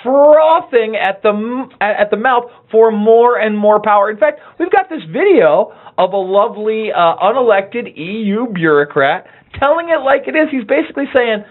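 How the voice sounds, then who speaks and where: A man's voice: high-pitched, sing-song, moderate pace, hardly any pauses. A man co-hosting a political commentary show, speaking in a heated, emphatic way. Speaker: co-host. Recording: tinny phone-like line.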